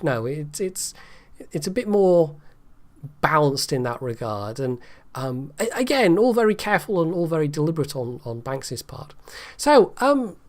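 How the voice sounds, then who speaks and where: A man giving a casual, rambling book review, hesitant and full of restarts. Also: on the high side.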